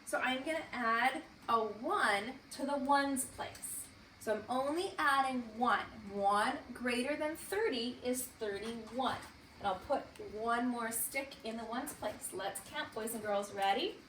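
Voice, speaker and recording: A woman teaching first grade, speaking slowly and clearly in a slightly high voice as she leads a morning routine. She sounds encouraging, the way a teacher talks to small children. She is picked up a little way from the mic, and the classroom echoes around her. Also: fairly bright tone, distant mic, a little hiss or hum. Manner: slow, clearly spoken, encouraging teacher talk to young children. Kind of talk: morning meeting for distance learning.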